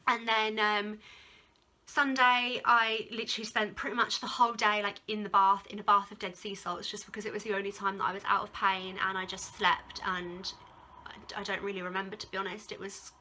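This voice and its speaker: In a casual storytime vlog, a young woman from England rambles to camera about her personal ordeal, heavy on fillers and "like" and emotional here and there. Her mid-range voice has little pitch movement, a sharp tone and a slightly fast pace.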